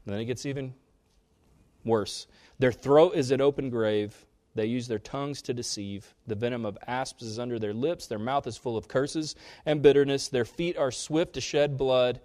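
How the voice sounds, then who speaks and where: Male pastor, mid-range voice, sermon delivery with strong emphatic rises and quiet drops. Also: moderate pace. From Kansas. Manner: preaching with big swings in pitch and loudness, rising sharply on key points.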